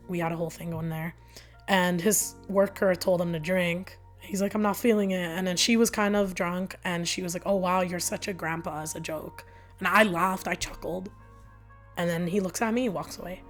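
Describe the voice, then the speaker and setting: A woman guest on a podcast telling a personal story in a casual, filler-heavy way, acting out the back-and-forth of arguments. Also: lowish voice. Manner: emotional retelling that acts out both sides of arguments.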